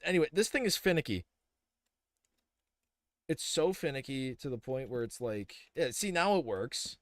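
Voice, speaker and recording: Streaming a building game, a young man offers casual, rambling commentary full of fillers and false starts. His voice is medium-pitched and animated, and he talks at a moderate pace.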